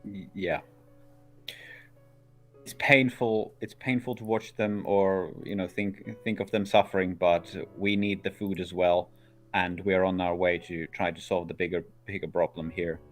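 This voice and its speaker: A man's voice: sits low, flat delivery, moderate pace, darkish tone, soft background music. A man playing a tabletop game in character, earnest and firm, often repeating himself. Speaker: player.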